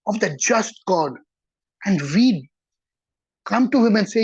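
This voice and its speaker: Husky-voiced religious teacher preaching earnestly. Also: medium pitch, normal speed, darkish tone, dry recording, dull audio. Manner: conversational, repeats words for emphasis, checks in with listeners. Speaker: Torah teacher. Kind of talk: sermon-like religious lesson.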